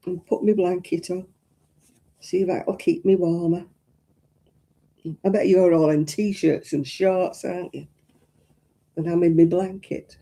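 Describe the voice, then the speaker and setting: A woman's voice: lowish voice, fairly even intonation, a little slow, vocal fry, pauses often, mellow. A woman chatting casually and homely to her live-stream viewers as she crochets, rambling and yawning often. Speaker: craft live-stream host.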